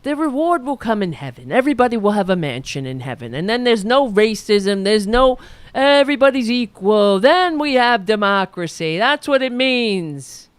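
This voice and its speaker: A woman's voice: fairly high pitch, expressive, normal speed, smooth, no echo. A woman hosting a political comedy podcast, lecturing in a sardonic tone. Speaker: podcast host.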